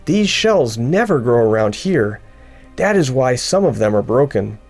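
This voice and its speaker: A man voicing a kindly elderly grandfather in a storybook reading, gentle and knowing. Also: mid-range voice, sing-song, a little slow, soft background music. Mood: warm.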